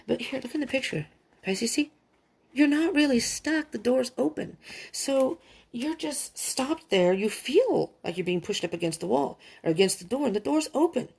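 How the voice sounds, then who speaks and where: A woman's voice: medium pitch, vocal fry, darkish tone, breathy edge. A woman reading tarot cards for her viewers in an emphatic, chatty way, repeating her warnings. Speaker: tarot reader. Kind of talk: monthly tarot card reading.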